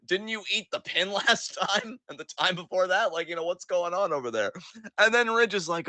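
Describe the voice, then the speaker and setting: A man with a high-sitting voice co-hosts a wrestling podcast, speaking at a moderate pace with no room sound. He chats casually and profanely about the matches, excitable and gleeful as he acts out what the wrestlers said.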